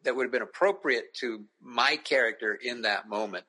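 A man with a husky yet bright voice talks through his memories of acting a scene. He rambles easily in a relaxed chat. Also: medium pitch, normal speed, rough recording. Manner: relaxed, rambling, easy recollection. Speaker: actor guest recalling his role. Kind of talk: casual interview chat.

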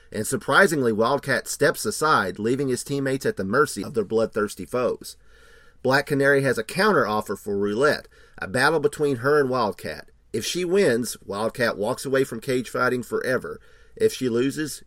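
A man's voice: medium pitch, fairly bright tone, dry recording, studio quality. A man co-hosting a podcast, chatting casually with laughs and reading an episode recap and credits. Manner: laughs often, reads credits and plot summary. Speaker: podcast co-host.

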